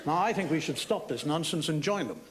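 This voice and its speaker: A man's voice: on the high side, lively intonation, fairly quick, heavy background noise. A man doing a stand-up comedy monologue in a wry storytelling way, with mock-outraged asides. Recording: live theatre recording with loud audience laughter. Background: audience laughing.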